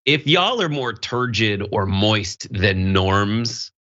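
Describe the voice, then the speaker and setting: Sick guy co-hosting, rough voice, deadpan jokes, bright tone, slightly muffled audio. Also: on the low side, slow pace. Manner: deadpan jokey. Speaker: co-host. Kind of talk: casual news show banter.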